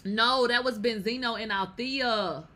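A woman with a bright, sharp voice dishing celebrity gossip. She talks brashly and swears freely. Her casual commentary keeps erupting into loud outbursts. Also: on the high side, unhurried. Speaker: gossip vlogger.

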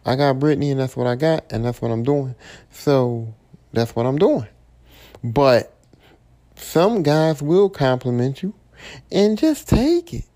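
A man's voice: medium pitch, lively intonation, measured pace, long pauses, mellow. A man hosting his own podcast, talking in a casual, profane, rambling monologue that keeps circling back and repeating itself. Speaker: podcast host.

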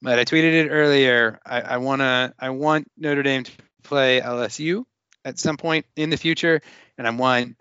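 A man hosting a casual sports podcast, reading out listener questions in an animated, joking way and restarting his sentences quickly. His voice is mid-pitched and sits close and dry on the mic. The sound is a little muffled. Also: smooth, no echo.

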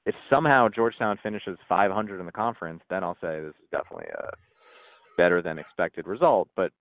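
Man, low voice, tinny phone-like line, dry, rambling casual sports talk. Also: fast talker, no echo. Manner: rambling, many restarts and repeated words. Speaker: podcast co-host.

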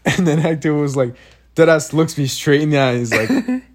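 In an unhurried, slightly high voice with long pauses, a man recounts a funny story in casual conversation. He laughs, stays animated, swears heavily, and acts out people's quotes.

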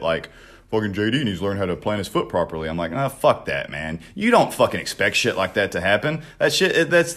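Podcast co-host, young man, low-ish voice, profane rambling storyteller.

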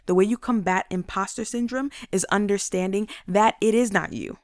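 A woman giving a faith-based motivational monologue, energetic and acting out inner voices in quick asides. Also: medium pitch, no room sound, studio quality. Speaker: motivational speaker.

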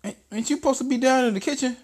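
A man's voice: extremely high pitch, rapid-fire, a little mellow, voice pushed up. A man voicing a brash, arrogant older president who is crude and barks profane orders. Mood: bossy, dismissive. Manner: bossy, profane, stammering demands.

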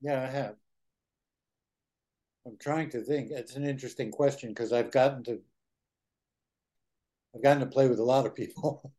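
A man who grew up in New York, a guest in a casual interview chat, relaxed and blunt, swearing offhandedly. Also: mid-range voice, normal speed, long pauses. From New York area.

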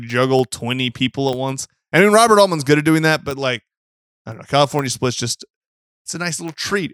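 A man's voice: mid-range voice, a bit bright, smooth, no echo, studio quality. A young man co-hosting a casual film podcast, rambling and laid-back, laughing often and swearing casually. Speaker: podcast co-host.

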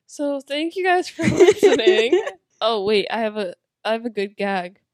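A woman's voice: on the high side, sing-song, measured pace, a little mellow, dry recording, studio quality. A young woman co-hosting a casual podcast, tired and giggly, lying down as she talks. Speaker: podcast co-host. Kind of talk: casual chat. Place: small room, lying on a pillow.

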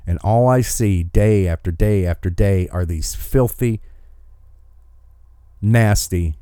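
A man's voice: lowish voice, slow pace, mellow, clear, resonant tone, no echo, clean studio sound. A man hosting an opinion podcast, delivering an angry, emphatic rant. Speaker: commentary host.

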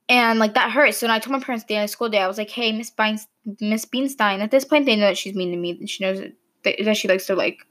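A woman's voice: on the high side, fairly bright tone. Chatty young woman podcaster. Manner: chatty and rambling, many likes and ums. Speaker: podcast host. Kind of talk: casual storytelling monologue.

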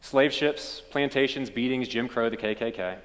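Kentucky man preaching, mid-pitched, long church reverb. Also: moderate pace. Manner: storytelling preacher, swells then drops to quiet. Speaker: pastor. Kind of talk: sermon.

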